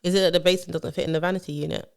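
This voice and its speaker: This female podcast co-host has a voice on the low side with vocal fry, and she talks very fast. In casual chat, she tells animated stories and acts out what others said.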